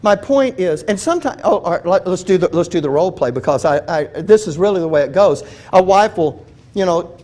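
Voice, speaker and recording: A man teaching a Bible study in a relaxed, conversational way, telling humorous stories, restarting his sentences and putting questions to his listeners. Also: high voice, a little fast. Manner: chatty, restarts sentences, asks the audience questions; humorous storytelling.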